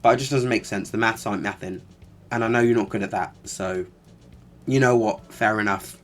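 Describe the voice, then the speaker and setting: A man's voice: lowish voice, fairly quick. A man giving casual reaction commentary, exasperated and sarcastic, with lots of fillers. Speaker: commentary vlogger.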